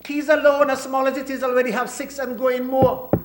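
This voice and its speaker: A man's voice: extremely high pitch, flat delivery, brisk, heavy background noise. A man with a Kittitian accent giving a folksy, teasing parliamentary budget speech as a government minister. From Saint Kitts and Nevis. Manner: folksy, teasing, joking with colleagues. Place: parliament chamber. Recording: roomy echoing chamber.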